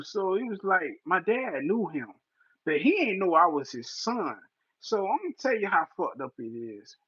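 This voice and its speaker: A man's voice: sits high, dry recording. A man telling a profane story on his livestream, laughing often, on dull lo-fi stream audio. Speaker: livestream host.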